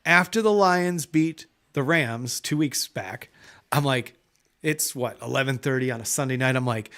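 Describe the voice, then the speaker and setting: A man with a mid-range voice hosts a podcast, telling a story at a normal pace. The talk is casual, and he's animated and laughs often.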